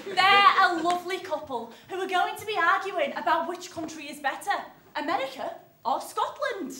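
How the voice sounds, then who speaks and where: An actress playing a theatrical game show host who presents with bright, amused showbiz flair. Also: female voice, very high-pitched, expressive, moderate pace, slight background noise, heavily acted. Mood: perky. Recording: roomy live stage sound.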